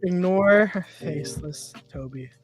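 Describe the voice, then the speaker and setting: A man's voice: high-pitched, takes it slowly, over music. A man hosting a casual commentary stream on his own videos, offhand and self-deprecating. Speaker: video creator and host.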